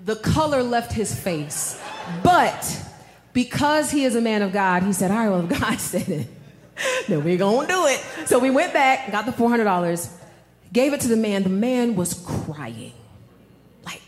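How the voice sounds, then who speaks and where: A woman preaching a sermon, telling a personal story with animated delivery and calling the audience y'all. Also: fairly high pitch, measured pace, roomy sound.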